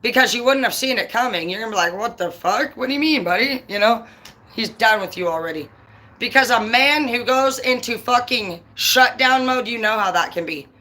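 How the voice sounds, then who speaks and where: A mid-range, pushed and bright voice at normal speed belongs to a tarot reader live-streaming casually. Swearing all the time, the reader delivers a heated, in-your-face rant that is blunt and profane.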